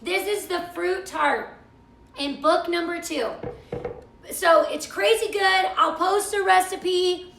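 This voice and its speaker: A woman's voice: very high voice, slow, vocal fry, fairly bright tone, roomy sound, a little hiss or hum. A middle-aged woman hosting a live cooking stream, chatting and gushing while she reads viewer comments. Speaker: cooking show host.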